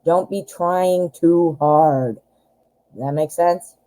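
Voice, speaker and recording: Woman tarot reader, casual to-camera chat, warm low voice, lots of "um" and "you know". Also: takes it slowly, low-quality recording. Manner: chatty, advising directly, frequent fillers. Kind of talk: casual pick-a-card tarot reading to camera.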